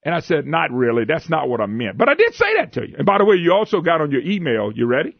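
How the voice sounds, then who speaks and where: A man's voice: fairly high pitch, fast talker, creaky, dry recording. A man hosting a radio talk show, telling a story with lots of laughter and retold quotes. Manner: animated storytelling, laughing, retelling his own quotes. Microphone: studio microphone. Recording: muffled radio broadcast audio.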